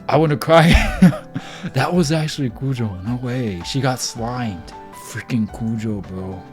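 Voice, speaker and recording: A man reacting to a visual novel playthrough, excitable, jumping from low mumbling to sudden yells. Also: measured pace, soft background music. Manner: excitable, jumps from mumbling to yelling. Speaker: gaming channel host.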